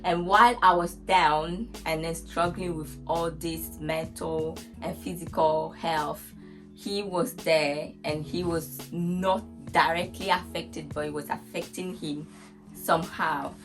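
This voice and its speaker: Chatty expecting mother over soft guitar. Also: deep voice, steady tone, slow. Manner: chatty, laughs often, restarts sentences. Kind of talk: casual chat. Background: soft guitar music.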